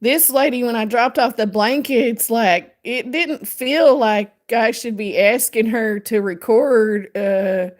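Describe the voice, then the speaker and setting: Slow, rambling woman crochet host. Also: fairly high pitch. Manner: rambling and chatty, many fillers, reads pattern text aloud. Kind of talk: casual chat while crocheting live.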